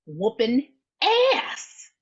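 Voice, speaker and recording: A high-pitched woman with a husky, bright voice that swings widely in pitch. She chats and jokes playfully while recapping a movie on a podcast. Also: huge pitch swings, drawn-out words, highs cut off. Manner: playful, jokey, quotes songs. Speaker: podcast co-host. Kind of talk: casual movie recap chat.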